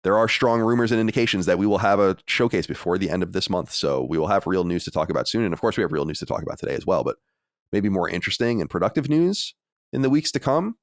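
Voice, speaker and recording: A man hosting a podcast with a low but animated voice. He reads listener mail aloud and banters in a playful, mock-boastful way. The sound is dry and close to the mic. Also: fast talker, no echo. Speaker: podcast host. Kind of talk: casual chat, reading listener mail.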